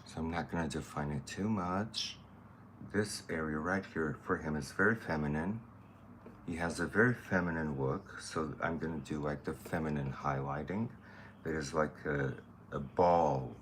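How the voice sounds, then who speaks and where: Guy with a deep voice doing makeup, slow easy chat, bit of faint room noise. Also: fairly bright tone. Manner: chatty, thinking aloud while working, greets viewers. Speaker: makeup artist. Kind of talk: casual makeup tutorial chat.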